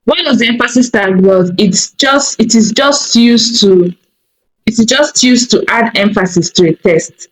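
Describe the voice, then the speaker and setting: A woman teaching a coding tutorial over a screen recording, thinking aloud slowly with many fillers and small self-corrections. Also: fairly high pitch, a little hiss or hum, low-quality recording.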